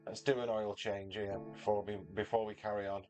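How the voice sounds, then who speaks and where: A man's voice: lowish voice, level tone, brisk, a little mellow, soft background music. Chatty Mancunian man streaming from his garage. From Northern England. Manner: chatty, self-deprecating, reads out chat. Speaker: livestreamer. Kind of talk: casual chat while racing. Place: home garage.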